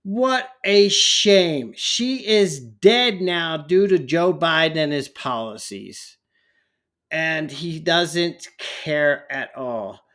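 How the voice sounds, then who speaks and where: High-voiced ranting male commentator. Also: expressive, slow pace, fairly bright tone. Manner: heated, ranting, stumbling repetitions. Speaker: political commentator. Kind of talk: angry political commentary vlog.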